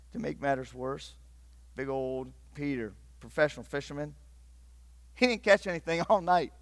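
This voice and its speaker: A middle-aged man from Northeast Ohio preaching a sermon, swinging between loud urgent bursts and hushed, intimate passages. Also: on the high side, unhurried, long pauses, no echo. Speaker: pastor.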